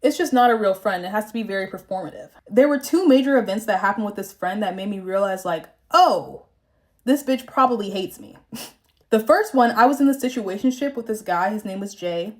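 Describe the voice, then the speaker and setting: A young woman from the Southern United States talks quickly in a mid-range, slightly mellow voice. She's a vlogger doing her makeup while telling a frank, profane story about a fake friend.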